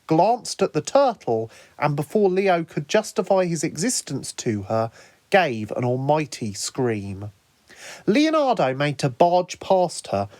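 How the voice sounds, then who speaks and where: A man narrating his own fan story in a lively storytelling manner. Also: fairly high pitch, no room sound. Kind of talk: fan audiobook reading.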